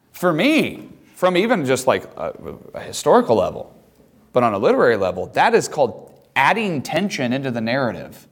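A man teaching a classroom Bible lesson, talking emphatically and reading scripture aloud in a raised voice. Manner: emphatic, reads scripture aloud with rising pitch.

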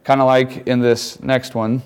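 A man's voice: medium pitch, flat delivery, measured pace, clear, resonant tone. A man giving a conversational chapel talk to students, casual, with joking asides and acted-out quotes. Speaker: campus chapel speaker.

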